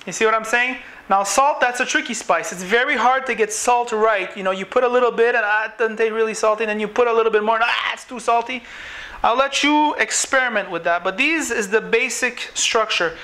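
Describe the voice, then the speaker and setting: A man's voice: extremely high pitch, a little fast, bright, forceful tone. Chatty man cooking. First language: French. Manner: chatty, rambling, full of fillers. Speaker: home cooking show host. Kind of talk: casual cooking demonstration.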